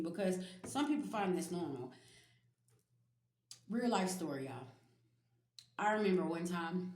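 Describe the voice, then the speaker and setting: A woman's voice: lowish voice, reverberant. A woman giving a casual spiritual reading to her viewers, blunt and emphatic, swearing freely and speaking straight to them. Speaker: spiritual reader.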